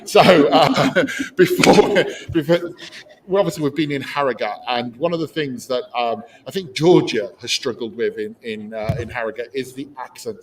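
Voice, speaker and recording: A man hosting a live conference show, introducing a video in a casual, halting way. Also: mid-range voice, noisy background. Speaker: show host.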